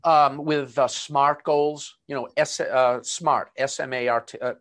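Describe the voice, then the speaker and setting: A man's voice: mid-range voice, steady tone, measured pace, a bit bright. A man with a Boston accent presenting a live webinar on management, chatty and full of fillers and asides. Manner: conversational, many fillers and asides.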